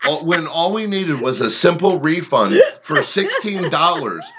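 A man's voice: a little high, sing-song, unhurried, heavy background noise. A man co-hosting a podcast, telling a story casually and sarcastically, with plenty of swearing.

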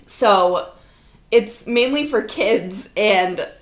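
A woman's voice: mid-range voice, extremely slow. A woman in her twenties telling a funny story in casual chat, acting out the people in it. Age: 20s. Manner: animated storyteller, acts out voices in her stories. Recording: roomy echo.

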